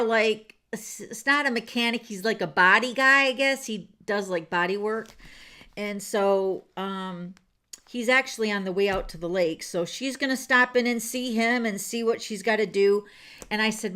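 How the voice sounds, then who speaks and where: Speaking in a fairly high, smooth, slightly bright voice, a woman hosts a card-making livestream in her home craft room. She chats casually with viewers, rambling, with frequent fillers and restarts.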